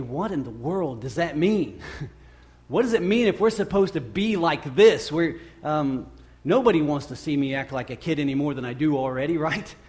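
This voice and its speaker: A man in his thirties delivers a sermon in an earnest, conversational way. His voice sits a little higher than most men's, and he often circles back on a phrase to press his point. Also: darkish tone. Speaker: pastor.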